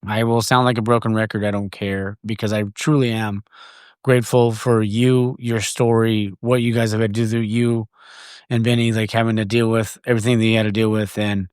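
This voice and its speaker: A man's voice: fairly low pitch, flat delivery, a little fast, a little mellow, smooth, no room sound, clean studio sound. A man hosting a casual podcast chat, enthusiastic and rambling, cursing freely and restarting his sentences. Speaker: podcast host.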